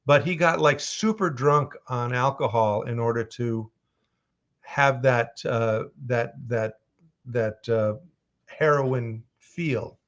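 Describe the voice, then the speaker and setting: At a live signing, a male voice actor speaks slowly in a medium-pitched, fairly bright voice, though the recording is muffled. He chats casually, reads fan questions from the chat aloud, and tells stories with frequent chuckles.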